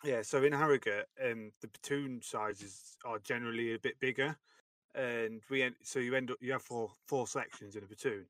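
A man's voice: medium pitch, moderate pace, a bit bright, dry recording. A young man co-hosting a podcast, telling a sweary army story in a chatty way. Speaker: podcast co-host. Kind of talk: casual army stories chat.

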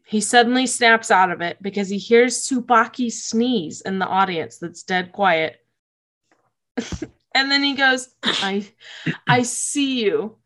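Woman host, slightly high voice; casual, gushing recap with lots of laughs and fillers. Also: unhurried, fairly bright tone. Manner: emotional, gushing, laughs often, many likes.

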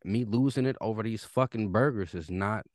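A young man co-hosting a casual podcast, swinging between loud outbursts and low reflective talk. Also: brisk, no room sound, clean studio sound. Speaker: podcast co-host.

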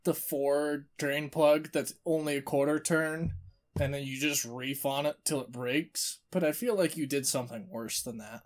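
A young man with a fairly high voice chats casually, throwing in dry jokes and teasing questions. He sounds relaxed and amused as he talks with friends. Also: normal speed. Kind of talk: casual chat.

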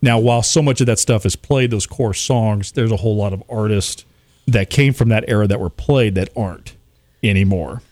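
This radio DJ in his 40s, appearing as a podcast guest, has a fairly low, slightly mellow voice and talks at a moderate pace with no room sound. His casual chat rambles along, full of self-mockery and frequent chuckles.

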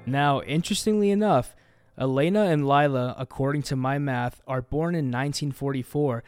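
A man co-hosting a book podcast, reading a prepared historical background segment in a measured, explanatory way. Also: fairly high pitch, a little mellow, no echo, studio quality. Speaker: podcast co-host.

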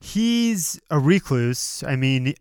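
A man from Colorado co-hosting a podcast about music, talking with eager enthusiasm and self-deprecating jokes. His voice sits a little high and comes across smooth and clear. The recording is dry and close, with no room sound. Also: big pitch swings, slow, a little mellow, dry recording. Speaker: podcast co-host. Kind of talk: casual chat about music.

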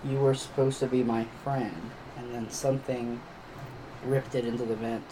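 A player at a tabletop game, speaking hesitantly with many pauses. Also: medium pitch, fairly even intonation, noisy background. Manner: hesitant, many ums and uhs. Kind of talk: in-character play at a tabletop game.

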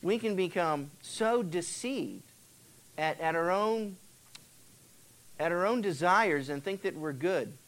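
This high-pitched, animated male voice moves slowly, with long pauses and a somewhat bright tone. A middle-aged pastor preaches conversationally, occasionally acting out the voices of biblical figures, and the sound comes from an old cassette tape transfer.

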